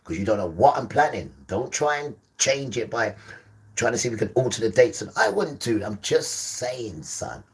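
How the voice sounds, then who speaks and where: A man's voice: medium pitch, sing-song, moderate pace. A man hosting a live stream, exhorting a listener in a preachy, repetitive way and calling him son.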